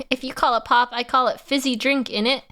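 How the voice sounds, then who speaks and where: Bright-voiced woman streamer. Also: sits high, steady tone, moderate pace. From Canada. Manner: chatty, laughs often, answers chat. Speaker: livestreamer. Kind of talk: casual stream chat.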